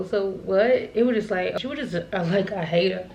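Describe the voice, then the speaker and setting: A woman's voice: mid-range voice, brisk, creaky, darkish tone, highs cut off. A young woman vlogger telling a casual storytime, rambling and repeating herself, laughing at herself now and then.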